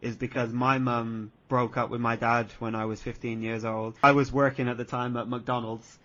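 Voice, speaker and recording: A man's voice: mid-range voice, level tone, normal speed, a bit bright. Laughing, sweary young man. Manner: storytelling, laughing often, sweary. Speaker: podcast co-host. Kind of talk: casual chat. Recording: dull lo-fi podcast audio.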